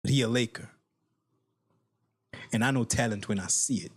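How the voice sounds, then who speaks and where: A husky-voiced man delivers an angry solo rant straight to his viewers. He repeats lines for emphasis and swears freely, his middle-pitched voice heated and blunt. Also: normal speed. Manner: heated, repetitive, profane, addresses viewers directly. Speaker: sports reaction channel host.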